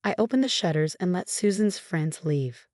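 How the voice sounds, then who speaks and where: A woman narrating a scripted first-person story, reading all the characters in one steady voice. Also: on the low side, moderate pace, no room sound, clean studio sound.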